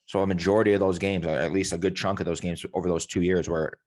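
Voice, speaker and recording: A man's voice: low voice, steady tone, fast, a little mellow. A man hosting a casual sports podcast, rambling loosely, swearing and correcting himself as he goes. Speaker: podcast host.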